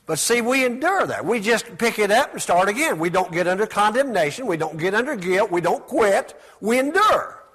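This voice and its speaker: A man preaching a sermon in call-and-response style, asking the congregation to repeat words after him and swinging between loud exclamations and soft asides. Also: high-pitched, sing-song, moderate pace, few pauses, breathy edge.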